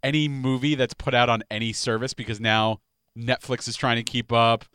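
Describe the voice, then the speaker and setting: A man's voice: medium pitch, fairly even intonation, moderate pace, a bit bright, clean tone, no room sound, studio quality. A man in casual banter, joking and teasing sarcastically.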